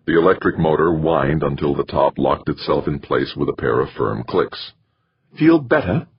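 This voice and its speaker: A man reading an audiobook in measured, expressive scripted narration, on a slightly muffled recording. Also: extremely low pitch, vocal fry, breathy edge, dry recording.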